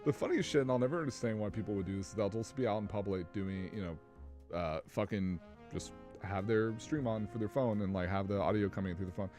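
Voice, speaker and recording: A man's voice: fairly low pitch, a little fast, a little mellow, faint music behind. A man co-hosting a casual gaming chat, rambling and swearing as he searches for words. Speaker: podcast co-host.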